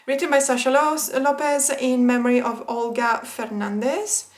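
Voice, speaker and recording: Excitable chatty woman, fairly high voice. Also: moderate pace. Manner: chatty and excitable, laughs often, addresses viewers as guys. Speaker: tarot vlogger. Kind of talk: casual unboxing chat.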